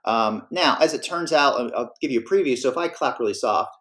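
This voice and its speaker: A man's voice: mid-range voice, animated, a little fast, fairly bright tone. A man teaching a class, explaining in a casual, self-correcting way. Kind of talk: classroom lecture.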